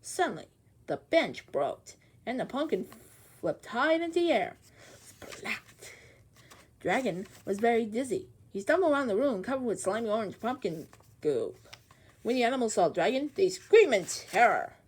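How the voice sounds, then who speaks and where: Female storyteller reading a children's book aloud, animated and expressive, with acted sound effects. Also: on the high side, normal speed, a little hiss or hum.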